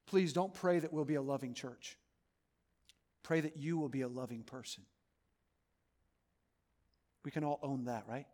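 A man preaching a sermon as pastor of his church, earnest, moving between loud urging and soft, hushed pleading. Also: mid-range voice, unhurried, long pauses, big-room sound. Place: church sanctuary.

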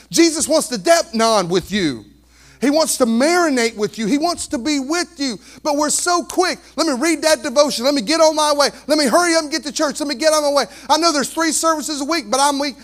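Brief: energetic male pastor, high voice, dramatic swings between hush and shout. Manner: animated, swings from quiet to near shouting, conversational asides. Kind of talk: sermon.

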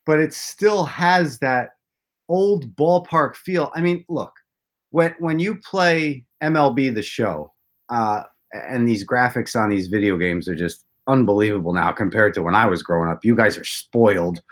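A man's voice: mid-range voice, measured pace. A man chatting about baseball, telling long rambling stories with self-deprecating jokes. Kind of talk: casual chat.

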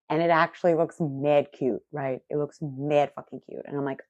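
A woman in her thirties telling a story casually to the camera as a vlogger, animated, profane and self-mocking. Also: low-pitched, normal speed, dry recording. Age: 30s. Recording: muffled lo-fi audio.

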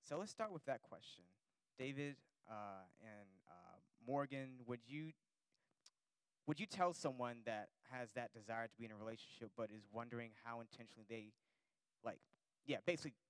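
A man's voice: mid-range voice, expressive, normal speed, smooth, no echo, rough recording. A man hosting a church question panel, reading listener questions aloud and repeating them with small restarts. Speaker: panel host.

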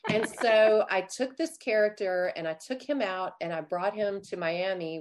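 Woman, lower register, rambling chatty guest storyteller. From Louisiana, USA. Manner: chatty storyteller, many fillers and asides. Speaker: guest author. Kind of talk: casual interview chat.

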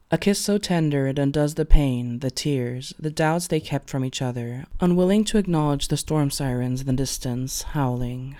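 A man narrating fan fiction aloud in an expressive storytelling way. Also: mid-range voice.

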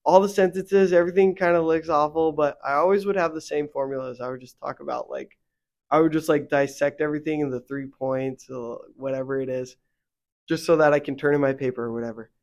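This time the young co-host of the faith podcast talks briskly, his pitch fairly high. His speech is loose and rambling, crowded with fillers, and it turns heated once he begins to vent.

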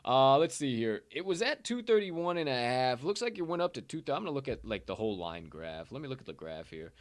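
A man's voice: medium pitch, sing-song, fairly quick, no room sound, clean studio sound. A man hosting a sports betting show from a sportsbook, chatting casually with loose, profane joking asides.

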